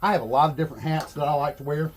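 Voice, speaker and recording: A man's voice: a little high, rapid-fire, faint music behind. A middle-aged man from Arkansas with a Southern drawl, rambling in a folksy, self-amused way as he vlogs a DIY job. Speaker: vlogger. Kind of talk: casual DIY vlog talk.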